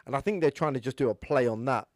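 A man's voice: mid-range voice, quick pace, a little mellow, dry recording, studio quality. A man chatting casually about films, explaining at length with many restarts. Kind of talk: casual film discussion.

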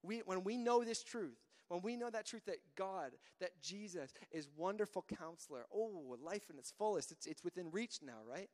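High-voiced man preaching casually in a hall. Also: lively intonation, normal speed, few pauses, a little mellow. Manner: conversational, repeats words when starting a thought. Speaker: pastor. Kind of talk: casual sermon.

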